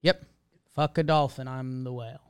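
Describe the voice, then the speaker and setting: A man's voice: mid-range voice, steady tone, moderate pace, clear, resonant tone, dry recording, clean studio sound. Laid-back, wry man. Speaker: podcast co-host. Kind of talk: casual sports chat.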